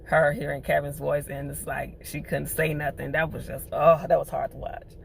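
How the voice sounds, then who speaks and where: A woman recapping a TV episode in a chatty, animated way, full of slang. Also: sits low, moderate pace, creaky, a little hiss or hum. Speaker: TV show reviewer.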